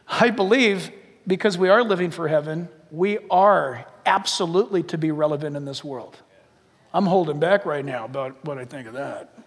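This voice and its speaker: A middle-aged male pastor preaching a sermon in a church. He is animated and humorous, with sudden hushed asides. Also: sits high. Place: church sanctuary. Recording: long reverb of a large hall.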